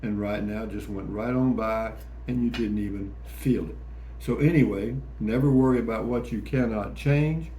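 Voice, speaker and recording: A man's voice: lowish voice, dark tone. A man hosting a casual morning vlog, talking in a folksy, rambling, jokey way. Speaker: vlog host. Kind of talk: casual morning chat to camera. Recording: echoey room with faint ambient noise.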